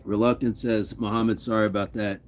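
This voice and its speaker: A man's voice: on the low side, level tone, a little fast. A man hosting a fitness livestream, casually reading viewers' comments aloud and chatting back with an easygoing, laughing manner.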